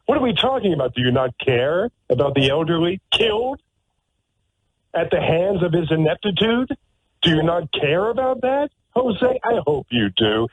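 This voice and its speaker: A man's voice: fairly high pitch, slightly rough. A combative man hosting talk radio, sarcastic and rambling through his points with frequent restarts. The sound is tinny, like a phone line. It is dry and close, with no room echo. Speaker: radio talk show host. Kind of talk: opinionated talk radio monologue.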